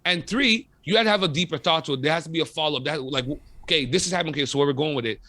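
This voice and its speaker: Bright, animated man talking casually. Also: fairly high pitch, rapid-fire, no echo. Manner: animated, profane, emphatic storytelling. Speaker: radio host and podcaster. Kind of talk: casual interview chat.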